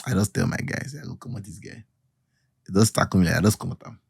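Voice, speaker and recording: A man's voice: low-pitched, fairly even intonation, fast talker, gravelly, a little hiss or hum. A Nigerian man hosting a podcast, telling laughing stories in casual banter mixed with pidgin. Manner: laughing storyteller mixing pidgin.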